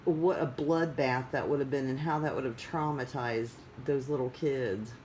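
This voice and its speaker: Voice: medium pitch, steady tone, normal speed, a little mellow, a little hiss or hum, poor audio. A vlogger chatting casually in a rambling, digressive way with many fillers. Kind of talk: casual chat.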